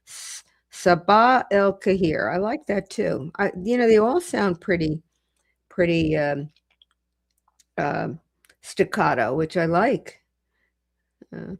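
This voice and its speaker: A middle-aged woman hosting a livestream, chatting casually with viewers as she reads comments and slowly sounds out foreign greetings. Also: fairly low pitch, gravelly. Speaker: legal commentator and livestream host.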